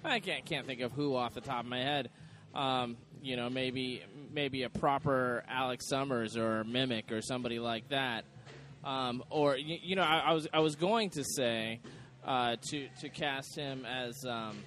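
A man's voice: mid-range voice, fairly bright tone. Male podcast host, casual, hesitant delivery, some faint background noise. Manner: halting, full of fillers and restarts. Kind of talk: casual chat.

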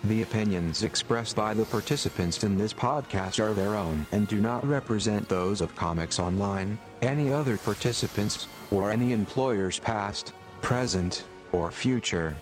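A man's voice: fairly low pitch, moderate pace, few pauses. A synthesized man's voice reading a scripted podcast disclaimer in a robotic tone. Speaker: disclaimer announcer. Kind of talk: scripted announcement. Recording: over loud music.

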